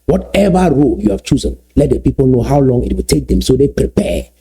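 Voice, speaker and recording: A man giving solo video commentary, emphatic and repeating key phrases slowly for effect. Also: medium pitch, expressive, vocal fry, mellow, husky. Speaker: political commentator.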